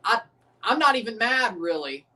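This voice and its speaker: A man's voice: very high voice, sing-song, normal speed, sharp tone, recorded from a distance. A man hosting a live sports watchalong, ranting profanely and repeating himself. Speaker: livestream watchalong host. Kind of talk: live sports reaction rant. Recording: voice a bit off the mic.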